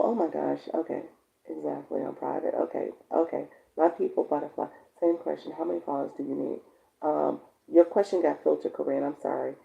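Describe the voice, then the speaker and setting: A woman hosts a casual live stream, coaching her viewers in an encouraging, chatty way. Her voice is very gravelly and dark. She reads their comments aloud and answers them as she goes. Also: lo-fi sound. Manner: encouraging, chatty, bursts into high excited laughter.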